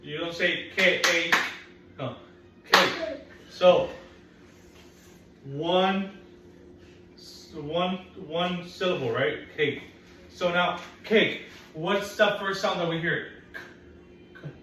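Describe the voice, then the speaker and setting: Slow and leaving long pauses, this woman's voice sits on the low side with a touch of brightness. She's a patient phonics teacher working with young kids, going over vowel sounds again and again and joking that she's going to trick them. The classroom audio is echoey and distant, with a little background noise.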